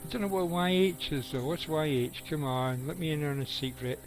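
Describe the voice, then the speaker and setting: A man's voice: a little high, fairly quick, soft background music, low-quality recording. A middle-aged man, giving rambling, casual live commentary on his game and chatting with viewers, swearing now and then. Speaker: game streamer.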